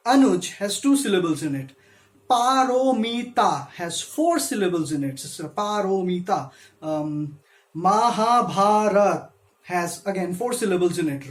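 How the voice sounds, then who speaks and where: A man who gives a literature lecture, patiently explaining step by step and stressing syllables when he demonstrates them. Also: high voice. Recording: echoey room.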